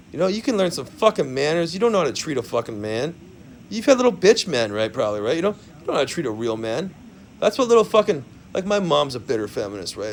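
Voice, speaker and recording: A man's voice: mid-range voice, slight background noise. Rambling, profane man ranting. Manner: rambling, profane, repeatedly saying "man" and "right". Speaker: vlogger. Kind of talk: profane rant.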